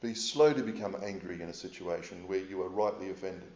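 Man preaching, middle-aged, earnest, measured with hesitations, echoey hall. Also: sits low, a little mellow. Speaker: pastor. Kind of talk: sermon. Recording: echoey, slightly dull room sound.

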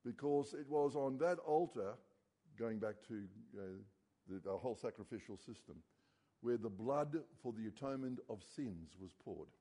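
A man preaching a sermon as pastor, earnest and dropping low and quiet on key words. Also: expressive, moderate pace.

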